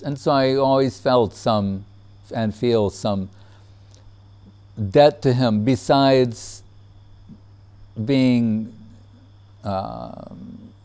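A man telling a personal memory in casual storytelling, relaxed, laughing often and acting out what others said. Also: fairly low pitch, clean tone.

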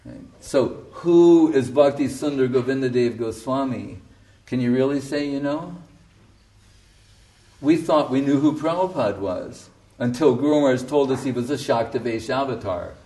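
A man's voice: mid-range voice, normal speed, warm tone, far from the mic. Emphatic man giving a sermon. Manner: emphatic, storytelling, often laughing. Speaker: spiritual teacher.

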